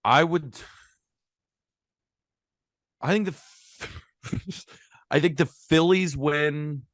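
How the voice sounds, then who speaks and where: A man co-hosting a casual sports podcast, chatty and quick to laugh, on a close mic. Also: fairly high pitch, no echo. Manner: animated, laughs often, chatty. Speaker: podcast co-host.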